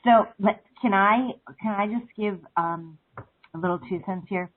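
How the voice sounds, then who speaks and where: A woman calling into a talk show over the phone. She rambles through her thoughts, filling them with "like" and "um". Her voice is a bit husky and comes through thin and narrow. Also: mid-range voice, moderate pace. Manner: rambling, full of "like" and "um". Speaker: caller. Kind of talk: casual phone-in chat. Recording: phone line.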